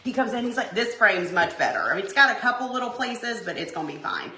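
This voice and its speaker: A woman hosting a home craft video, chatting and telling a story in an animated, exclaiming way as she works. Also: on the high side, quick pace. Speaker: DIY crafting host. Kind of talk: casual storytelling while crafting. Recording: roomy echo.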